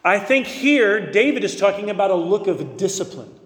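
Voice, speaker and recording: A man preaching a sermon as pastor, earnest and emphatic, slowing to stress key phrases. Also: sits high, very animated, fairly bright tone, reverberant, big-room sound.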